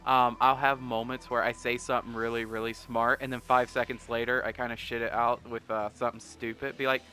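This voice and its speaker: Rambling, jokey young man with a bright voice. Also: medium pitch, little pitch movement, brisk, faint music behind. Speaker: gaming commentator. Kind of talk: let's play commentary.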